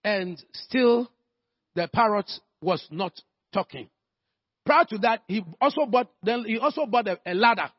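A man's voice: sits high, normal speed, long pauses, no echo, highs cut off. A man preaching a sermon, calling for amens and telling stories to make his point. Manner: rhetorical, calls for amens, storytelling.

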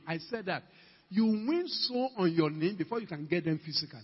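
Older preacher, husky and echoing. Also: male voice, high-pitched, expressive, fairly quick. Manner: fervent exhorting preacher, acts out quoted dialogue. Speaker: pastor. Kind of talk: sermon. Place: church hall. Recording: dull lo-fi church recording with long reverb.

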